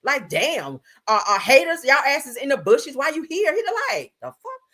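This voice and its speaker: A woman hosting a live stream, chatting casually and loudly, laughing often and throwing slangy asides to her viewers. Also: high voice, moderate pace. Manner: loud, laughing, animated gossip with slangy asides.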